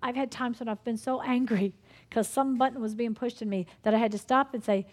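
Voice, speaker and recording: Fervent high-voiced woman preacher. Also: steady tone, brisk. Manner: fervent, acts out prayers and inner dialogue. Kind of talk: sermon.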